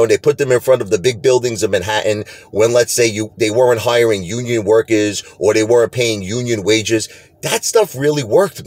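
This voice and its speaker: A middle-aged New man hosts his own video and rants straight into the camera with a lot of emphasis, going back over the same points. His voice sits a little high and swings up and down with energy. The sound is close and dry, with no room around it. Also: no echo. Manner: animated, emphatic, repeats himself. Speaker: video host. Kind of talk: casual direct-to-camera rant.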